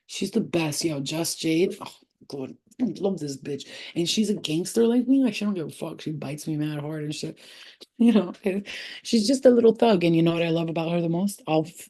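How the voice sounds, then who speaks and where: A woman with a fairly low, mellow voice chats through a casual spiritual livestream. She rambles in street slang and swears freely. She keeps telling her viewers she loves them. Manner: affectionate toward viewers, often saying she loves them. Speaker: spiritual reader hosting a livestream.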